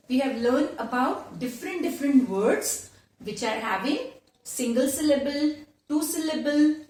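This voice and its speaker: A woman teaching a grammar lesson to children, repeating each word slowly several times. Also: high voice, darkish tone. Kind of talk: slow classroom lesson for children. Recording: very echoey room, voice from far off.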